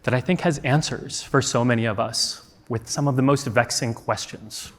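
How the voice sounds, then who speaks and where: On stage in a large conference hall, an American man tells a personal story, earnest and reflective, full of rhetorical questions. His voice is mid-range and he talks at a normal speed. A long hall reverb trails his words.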